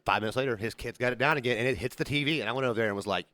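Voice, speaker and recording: A quick, animated man telling bar stories and playing out the people in them. His voice is bright and forceful, recorded close and dry with little room sound. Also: mid-range voice, dry recording. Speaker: podcast host. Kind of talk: casual podcast storytelling.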